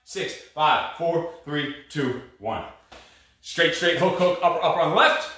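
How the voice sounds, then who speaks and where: A high-pitched, breathless man calls out punches and counts as a fitness instructor, blunt and pushy, his pitch leaping all over. The room is echoey, and he sounds far from the mic. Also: lively intonation, a little slow, pushed and bright. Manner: barking short commands and counts, pushy and blunt. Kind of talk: coaching a live cardio boxing class.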